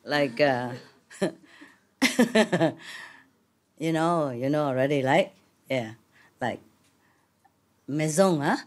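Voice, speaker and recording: Slow-talking woman who laughs a lot. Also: low-pitched, expressive. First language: not English. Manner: laughs often, slow broken English with French words. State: coughing. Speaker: spiritual teacher addressing an audience. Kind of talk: casual talk to an audience, joking.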